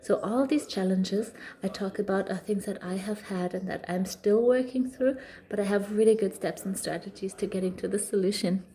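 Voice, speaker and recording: Chatty mellow-voiced mother telling a story. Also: medium pitch, steady tone, moderate pace. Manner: chatty, frequent fillers and restarts. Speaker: parenting vlogger. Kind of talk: casual storytelling monologue.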